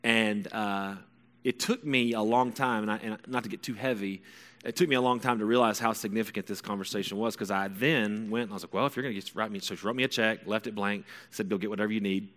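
A man in his forties telling a personal story to an audience, rambling and correcting himself, with bursts of excitement. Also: a little fast, big-room sound. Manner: rambling and self-correcting, bursts of high excitement when reenacting.

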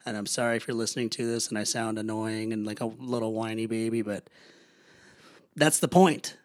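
A man with young kids hosting his own podcast, talking earnestly and haltingly with many restarts, sounding low and weary. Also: level tone, no room sound, clean studio sound. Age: young adult to middle-aged, a father. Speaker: podcast host. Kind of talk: personal solo podcast talk.

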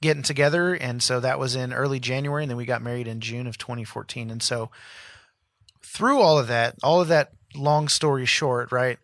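A man's voice: mid-range voice, brisk, no echo, clean studio sound. A man in his thirties, a pastor co-hosting a podcast, telling a personal story in casual chat and acting out what people said. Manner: animated storyteller acting out quotes.

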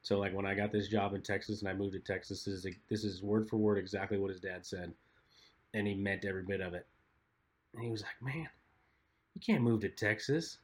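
A man's voice: sits low, flat delivery, fast, husky. A man co-hosting a podcast, telling stories in a chatty way with lots of filler words. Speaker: podcast co-host. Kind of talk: casual storytelling chat.

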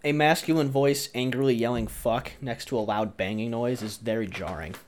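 A man's voice: mid-range voice, normal speed. Wry young man telling party stories. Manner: wry, storytelling, crude jokes. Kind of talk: casual chat.

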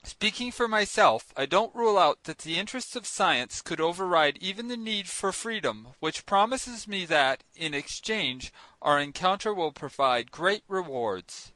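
A man's voice: high-pitched, animated, a little slow, few pauses, pushed and bright, dry recording. A man narrating an audiobook in an earnest, formal first-person voice, into a close studio mic. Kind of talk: scripted narration of a classic novel.

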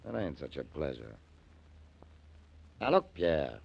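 An actor playing a gruff, slangy crooked fence in a 1940s radio drama. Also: male voice, very deep voice, very animated, slow pace, heavily acted. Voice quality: raspy, slangy. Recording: dull, dry old radio recording.

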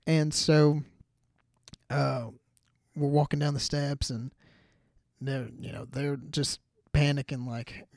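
A man's voice: on the high side, level tone, takes it slowly, vocal fry, pauses often, darkish tone, dry recording, clean studio sound. A young man hosting a podcast, telling a story in a rambling casual way full of "like" and "you know". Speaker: podcast host.

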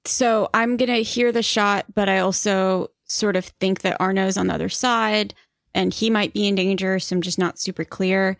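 Woman player, hesitant, unsure, mid-pitched, dry close recording. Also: fairly even intonation, normal speed, no echo. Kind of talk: tabletop game play.

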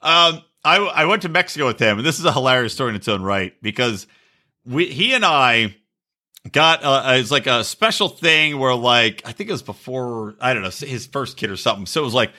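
A podcast co-host with a bright, forceful, mid-range voice chats casually. He tells crude stories laced with crude jokes, acting out the voices of the people he quotes.

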